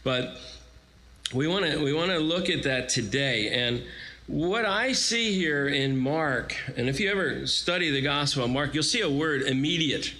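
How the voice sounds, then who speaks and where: Brief: forties male guest preacher, bright forceful voice, lively storyteller. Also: a little high, a little slow, low-quality recording. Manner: animated storytelling with acted-out quotes. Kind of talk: sermon.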